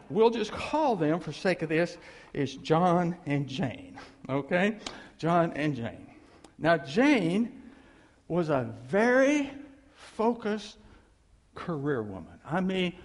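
A man, a pastor, telling a story in a sermon in an animated, folksy way. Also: fairly high pitch. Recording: long reverb of a large hall.

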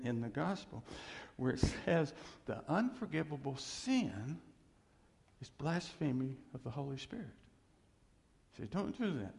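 A male preacher delivering a sermon, swinging from loud emphasis to hushed near-whispers and acting out quoted voices. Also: mid-range voice, creaky. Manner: acts out voices of doubters and God in quotes. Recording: long hall reverb.

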